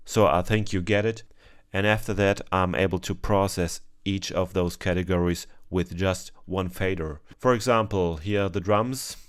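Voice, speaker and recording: A man with a very low, smooth and clear voice walks through a mixing session at an even, unhurried pace. He explains each step plainly and fills his pauses with ums, the way a tutorial is talked through over a screen recording. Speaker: music producer teaching mixing.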